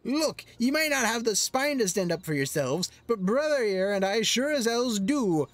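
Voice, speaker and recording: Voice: medium pitch, expressive, moderate pace, pitched above the performer's own voice, close to an everyday voice. A gamer voicing a brash, tough adventurer woman in a let's play, scolding bluntly in folksy talk. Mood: scornful.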